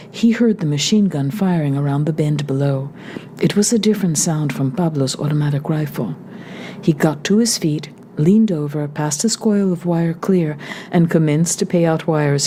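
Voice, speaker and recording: A woman reading a novel aloud in a steady, measured narration. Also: low voice, a little hiss or hum. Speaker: audiobook reader.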